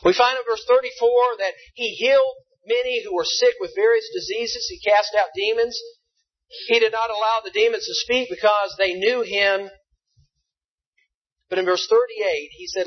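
A man's voice: high-pitched, unhurried. A man preaching a sermon, asking his listeners questions and answering them himself. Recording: dull lo-fi sound.

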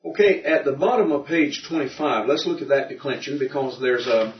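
A man's voice: medium pitch, a little fast, distant mic. A man teaching a Greek grammar class, patiently explaining and checking that his students follow. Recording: dull roomy recording from afar.

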